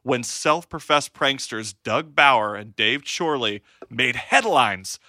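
A man's voice: mid-range voice, animated, takes it slowly, pushed and bright, no echo, studio quality. A young man hosting a casual chat, explaining researched facts with jokes along the way. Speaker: podcast host.

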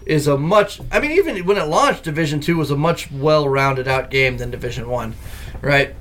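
A man hosting a casual gaming podcast, telling stories in a lively way and laughing often. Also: a little high, moderate pace. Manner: animated storyteller who laughs often. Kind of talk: casual chat.

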